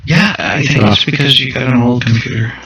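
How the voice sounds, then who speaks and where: A man's voice: medium pitch, a little fast, fairly bright tone, slightly rough, rough recording. A male podcast co-host in casual chat who chimes in with short, dry remarks.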